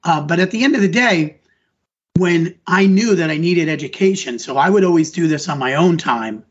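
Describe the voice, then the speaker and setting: A man's voice: fairly high pitch, expressive, moderate pace, breathy edge. A middle-aged man, an elementary school teacher, answering podcast interview questions in an earnest, rambling way, often restarting his sentences. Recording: dull lo-fi audio.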